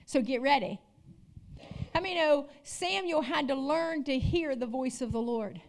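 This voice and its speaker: A woman pastor delivers a sermon in a high voice. She calls out to her congregation and moves between loud, fervent declarations and hushed, intimate storytelling. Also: unhurried, creaky, slight background noise. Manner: preaching with call-outs, rising and dropping intensity.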